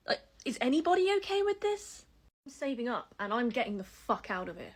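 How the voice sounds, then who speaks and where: A woman's voice: fairly high pitch, animated, a little fast. A woman ranting angrily into her phone, bitter and swearing constantly. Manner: angry, bitter, heavy swearing. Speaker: social media ranter. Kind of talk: casual rant to camera.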